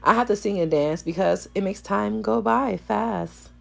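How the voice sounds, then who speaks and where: A woman hair stylist with a gravelly morning voice, chatting playfully to viewers in a salon vlog. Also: mid-range voice, measured pace. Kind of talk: casual voice-over vlog chat. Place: salon suite.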